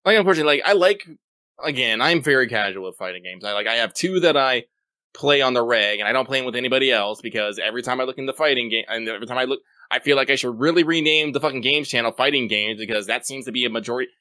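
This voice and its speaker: A man's voice: medium pitch, quick pace, pushed and bright, no room sound. A man co-hosting a podcast, reading listener mail and chatting casually, swearing and rambling as he goes. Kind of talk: casual chat.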